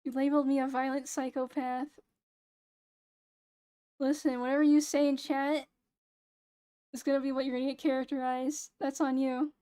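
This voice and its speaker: A young woman streaming casually, talking in a flat, low-energy, near-monotone way, with a hoarse voice and a sound like she is close to crying. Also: normal speed, long pauses. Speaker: VTuber streamer. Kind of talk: casual late-night stream chat.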